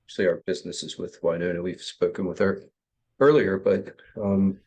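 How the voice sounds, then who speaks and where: Deep, husky-voiced male player. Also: steady tone, brisk, darkish tone. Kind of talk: playing a tabletop game.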